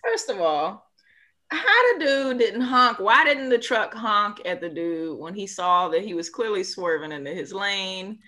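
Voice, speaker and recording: A woman in a casual movie chat who talks in excitable, slangy bursts and sounds incredulous. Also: mid-range voice, unhurried, hardly any pauses. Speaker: movie review co-host.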